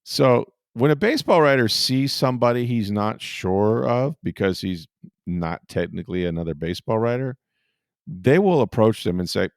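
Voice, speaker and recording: A man's voice: medium pitch, animated, normal speed, vocal fry, dry recording, clean studio sound. A middle-aged man hosting a podcast, telling a rambling, self-deprecating story in a casual chat, often laughing. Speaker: podcast host and sportswriter.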